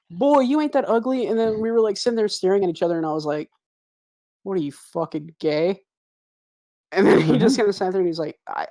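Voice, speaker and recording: A young man telling a long, profane story in a casual voice chat with friends, laughing as he goes. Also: high-pitched.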